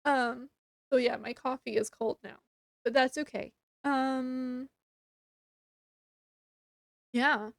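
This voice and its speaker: An adult woman with a child casually retells a novel's ending for her book review vlog, sniffly from allergies and peppering her talk with "like" and little laughs. Her high-pitched voice is gravelly, slow, and fairly even in intonation, with long pauses and no echo.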